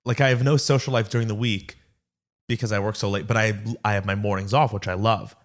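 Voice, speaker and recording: Rambling low-voiced young man, casual podcast chat. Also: steady tone, fast talker. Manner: rambling, filler-heavy storytelling. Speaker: podcast co-host.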